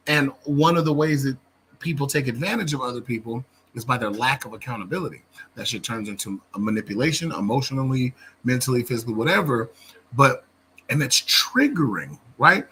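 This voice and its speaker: A man's voice: medium pitch, lively intonation, brisk, bright, forceful tone, a little hiss or hum. A father and husband in a casual group discussion, talking bluntly and plainly with casual swearing. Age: adult, a father. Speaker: men's circle participant.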